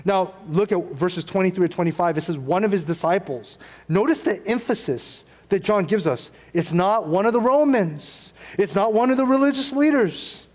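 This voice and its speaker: A man's voice: high-pitched, lively intonation, normal speed, a little mellow, big-room sound. A middle-aged man preaching a sermon in a casual, conversational way, acting out quotes and adding asides. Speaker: pastor.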